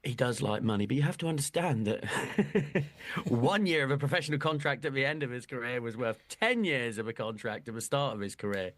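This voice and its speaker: A man's voice: mid-range voice, expressive, fairly quick, fairly bright tone, dry recording. Guy on a book podcast, joking and swearing, lots of ups and downs in his voice. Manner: jokey, swears freely, laughs often. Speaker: podcast co-host. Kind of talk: casual chat.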